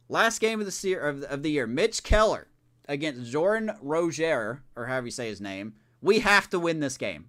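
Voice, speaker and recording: A man streaming a baseball video game live, reacting casually and with exasperation as he plays. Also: mid-range voice. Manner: animated, talks to himself, exasperated reactions. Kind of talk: casual live gameplay commentary.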